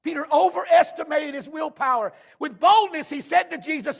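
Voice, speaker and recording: A man preaching a sermon as pastor, swinging from shouted emphasis to hushed, low tones. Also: moderate pace, gravelly.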